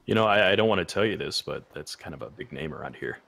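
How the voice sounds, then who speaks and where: A man's voice: rumbling low, expressive, quick pace, creaky, a bit bright. A man chatting casually with friends while playing a video game, laid-back and chatty. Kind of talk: casual let's play chat.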